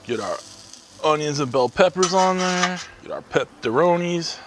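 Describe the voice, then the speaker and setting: A man's voice: fairly high pitch, animated, moderate pace. A man hosting his own cooking channel, chatting enthusiastically as he talks viewers through each step. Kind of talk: casual cooking vlog.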